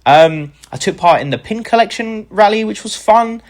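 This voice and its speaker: Interviewed about his journey, a British content creator speaks at a moderate pace in a voice that sits high. He sounds excited and thankful, animating the people he quotes with lively impressions.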